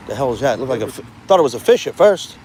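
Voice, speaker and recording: A man's voice: mid-range voice, very animated, very fast, a little mellow. A man with a New York accent live-streaming outdoors by a pond, chatting in a brash, rambling, profane way with traffic noise around. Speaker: vlogger doing a live stream.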